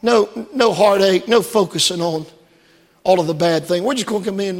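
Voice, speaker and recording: The sermon comes from a high-pitched man, a pastor speaking at a moderate pace in a church with a big-room sound. Earnest and repetitive, he keeps circling back to phrases and asks his congregation direct rhetorical questions.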